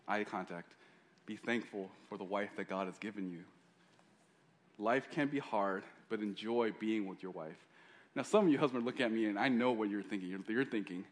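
A male pastor preaching a sermon in a joking, conversational way. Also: fairly low pitch.

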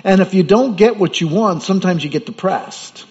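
A man's voice: sits high, normal speed, a little mellow. A man preaching a sermon as pastor, in a conversational way with rhetorical questions. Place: church. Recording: dull sound with hall reverb.

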